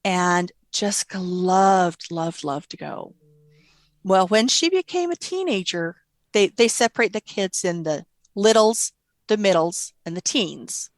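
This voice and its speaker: A middle-aged woman, a guest mother, telling gentle stories about her daughter in an interview. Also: mid-range voice, unhurried, no echo. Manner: tender, animated quoting of her child. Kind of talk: storytelling interview.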